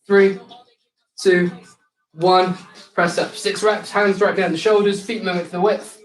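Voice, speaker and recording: Leading a live online circuit class as a fitness instructor, a young man cues the exercises with upbeat instruction and light banter. His voice sits high with little pitch movement, and his pace is measured. The room is echoey.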